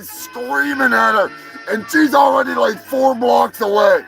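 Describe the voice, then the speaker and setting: A man hosting a live show, telling profane, rambling stories and breaking into shouts. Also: very high voice, a little slow, creaky, low-quality recording. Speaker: host. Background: music.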